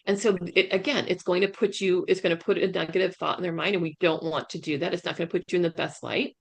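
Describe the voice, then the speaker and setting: A woman guest speaker, a career coach, delivers a webinar presentation over a video call, emphatic throughout and often checking in with "right?" She talks fast in a lowish, creaky voice with fairly even intonation.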